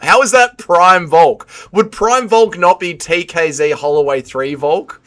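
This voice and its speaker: Young guy on a livestream, kinda high sharp voice, cursing, ranting then mumbling sorry. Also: animated, a little slow, few pauses. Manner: swears a lot, swings from ranting to mumbled apologies. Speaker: livestream host reading chat. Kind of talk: casual livestream chat.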